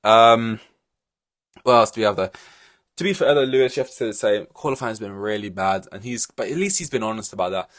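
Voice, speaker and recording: A man's voice: on the low side, brisk, fairly bright tone. A man hosting a solo podcast, ranting in an exasperated, rambling way with many fillers and restarts. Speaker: podcast host.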